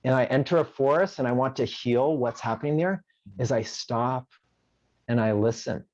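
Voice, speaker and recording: A man's voice: medium pitch, moderate pace, darkish tone, dry recording, lo-fi sound. A man working as a conflict mediator, talking in an interview and telling stories animatedly, acting out the voices of the people he quotes. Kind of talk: conversational interview.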